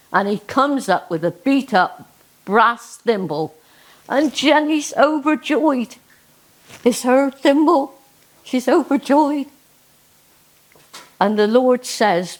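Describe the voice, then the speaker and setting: Slow-paced Cornish woman storyteller. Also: on the high side, animated. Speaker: dialect storyteller. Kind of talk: live comic storytelling.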